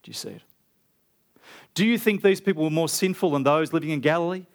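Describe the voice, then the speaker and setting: An Australian man preaching a sermon, emphatic, with big animated jumps when he quotes. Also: brisk, long pauses. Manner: emphatic, rising to loud animated stresses and quoting Jesus with big pitch jumps.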